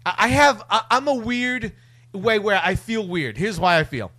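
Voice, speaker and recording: Animated, bright-voiced man. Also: high voice, moderate pace, no room sound. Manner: animated storyteller, mimics voices. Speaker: podcast co-host. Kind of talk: casual crude banter.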